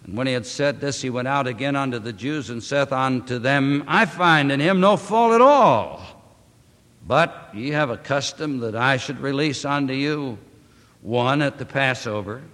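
A man preaching a sermon, reading scripture aloud and speaking to the congregation with emphatic, drawn-out phrasing. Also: medium pitch, fairly bright tone. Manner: addresses congregation as beloved. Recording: long hall reverb.

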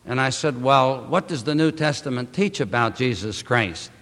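A man preaching a sermon, reading scripture aloud and speaking to the congregation with emphatic, drawn-out phrasing. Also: mid-range voice, gravelly, a bit bright. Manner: addresses congregation as beloved. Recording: long hall reverb.

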